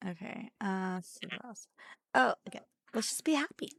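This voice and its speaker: A woman co-hosting a casual gaming livestream, laughing loudly, swearing freely and teasing her partner in mock anger. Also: mid-range voice, expressive, moderate pace, creaky, no room sound, studio quality. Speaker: streamer and co-host. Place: home streaming setup.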